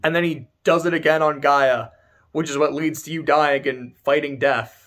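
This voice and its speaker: A man's voice: fairly high pitch, fairly even intonation, moderate pace, fairly bright tone. A young man giving a casual spoken game review, rambling, correcting himself and swearing casually.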